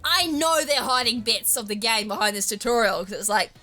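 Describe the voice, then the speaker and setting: A woman's voice: a little high, fairly quick, sharp tone, soft background music. A young Australian woman chatting through a mobile game playthrough, rambling off on tangents with a laugh now and then. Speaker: gaming YouTuber. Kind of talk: casual let's-play commentary.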